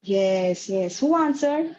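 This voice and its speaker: A woman telling a story to an online kids class, halting and full of fillers. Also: mid-range voice, lively intonation, darkish tone, dull audio, a little hiss or hum. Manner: halting, many fillers and restarts. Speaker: teacher.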